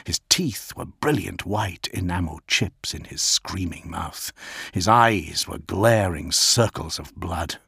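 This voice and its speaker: A man narrating an audiobook in a measured, dramatic way. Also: deep voice, gravelly, fairly bright tone, breathy edge, no room sound, clean studio sound.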